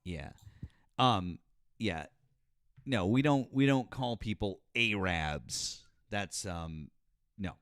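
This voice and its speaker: A man hosting a live call-in politics show, arguing hard with a caller, shouting and cursing, then dropping into low muttered asides. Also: lively intonation, slow pace, long pauses, dry recording, studio quality. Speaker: host. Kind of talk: heated call-in debate.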